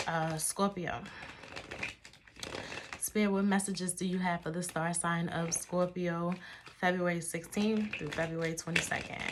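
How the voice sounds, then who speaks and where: A woman's voice: fairly low pitch, steady tone, noisy background. A woman giving a casual tarot reading, slangy and profane, calling the listener baby and drawing out sign names. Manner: drawn-out, chanting sign names. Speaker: tarot reader.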